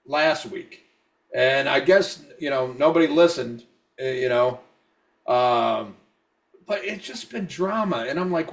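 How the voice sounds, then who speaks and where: Drunk, swearing man ranting far from the mic. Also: on the high side. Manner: profane, repetitive, stammering restarts. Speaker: podcast co-host. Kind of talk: casual podcast rant.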